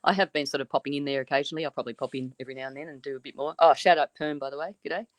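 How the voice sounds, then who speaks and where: A woman's voice: low voice, fairly even intonation, rapid-fire, dry recording. An Australian woman chatting easily as a guest on a podcast. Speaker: podcast guest, weather show creator. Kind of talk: casual chat.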